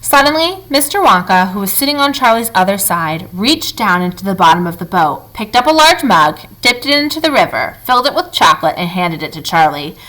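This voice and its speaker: A woman reading a children's book aloud in an expressive, lively storytelling manner. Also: mid-range voice, a little fast, hardly any pauses, rough recording.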